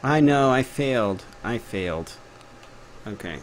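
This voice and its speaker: A young Texan game developer with a Texan accent sounds animated, speaking at a measured pace with a medium pitch and a little hiss or hum in the recording. He teaches a casual live-stream tutorial, chatty and jokey, muttering to himself while working.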